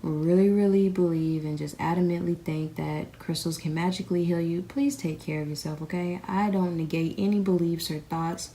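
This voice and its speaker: Lying in bed feeling ill, a young crystal vlogger talks to viewers in a lowish, dark voice, fairly even in intonation, at a moderate pace with few pauses. A little out of breath, she rambles and calls them y'all, the camera placed on the bed beside her.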